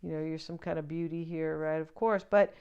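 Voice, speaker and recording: A woman's voice: low voice, steady tone, brisk, smooth, lo-fi sound. Chatty woman reading tarot cards. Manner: chatty and joking, with many fillers and asides to the viewer. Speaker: tarot reader.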